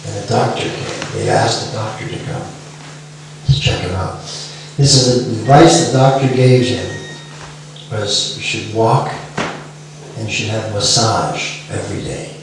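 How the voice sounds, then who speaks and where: Middle-aged guy giving a devotional talk, lowish voice, chants softly, sounds far off in a big echoey room. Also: unhurried, gravelly, pauses often. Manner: chants the mantra softly between remarks; asks the listeners questions. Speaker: devotional speaker. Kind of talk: devotional lecture with storytelling. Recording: echoey room, far from mic, faint hiss.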